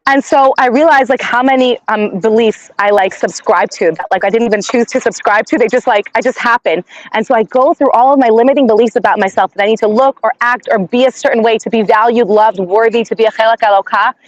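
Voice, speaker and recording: A woman's voice: on the high side, fast talker, hardly any pauses, dull audio. A woman giving an inspirational class in a conversational way, often adding "like" and "right?". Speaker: class teacher.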